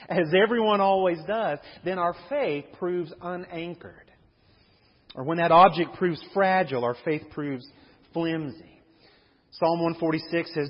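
A pastor's sermon recorded in a church sanctuary, his voice high and husky. He preaches with lively swings of pitch and acts out the voices of Bible figures. The sound is dull and lo-fi, with a long reverb from the hall.

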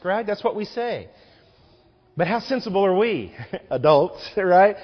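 Animated preaching man in a reverberant church. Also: high voice, unhurried, long pauses. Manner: animated preaching with rhetorical questions. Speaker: pastor. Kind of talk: sermon. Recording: muffled recording with long hall reverb.

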